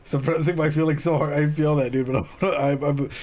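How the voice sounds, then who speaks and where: A man's voice: on the high side, steady tone, fairly quick, a little mellow. A young man, a psychologist, reacting live to an anime, swearing freely and laughing to hold back tears. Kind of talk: emotional live reaction commentary.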